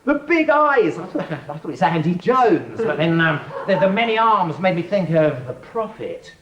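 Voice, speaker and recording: A man telling a wild, visionary story as a monologue, chanting refrains and bursting into shouts, on an archive stage recording. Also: sits high, big pitch swings, moderate pace, far from the mic, crowd noise. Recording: dull, roomy live recording from off-mic.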